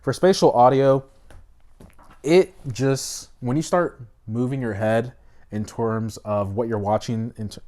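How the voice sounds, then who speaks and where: A man's voice: mid-range voice, steady tone, a little slow, dark tone. A man reviewing tech products to camera in a chatty, loose way, with plenty of ums and likes.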